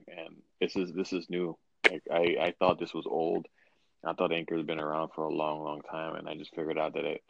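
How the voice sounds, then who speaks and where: A man's voice: sits low, vocal fry, no room sound, highs cut off. A man hosting a casual podcast chat, rambling with frequent restarts. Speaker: podcast host.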